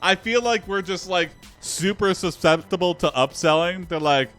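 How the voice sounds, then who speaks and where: A man's voice: sits high, normal speed, fairly bright tone, faint music behind. A man co-hosting a casual podcast who reads out an improvised story with plenty of laughter. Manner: laughs a lot, reads story lines in a plain voice. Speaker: podcast co-host reading an AI story.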